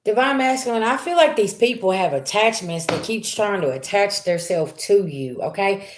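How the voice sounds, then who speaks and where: A woman's voice: mid-range voice, expressive, moderate pace. A woman giving a live-streamed tarot reading, talking loosely and chattily straight to her viewers. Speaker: tarot reader. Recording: roomy echo with faint background noise.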